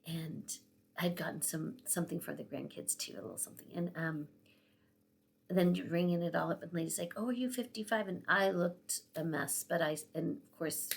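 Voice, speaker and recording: A woman's voice: low-pitched, fairly even intonation, normal speed, creaky, breathy edge. A tearful woman in her sixties telling a personal story in a vlog, emotional and often dropping to a whisper. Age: 60s. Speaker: vlogger.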